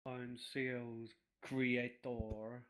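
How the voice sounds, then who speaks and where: Man, mid-pitched, dry matter-of-fact talker. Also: flat delivery, very slow, a bit bright. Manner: dry, matter-of-fact, then blunt insults. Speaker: creator of the role-play server. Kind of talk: casual chat.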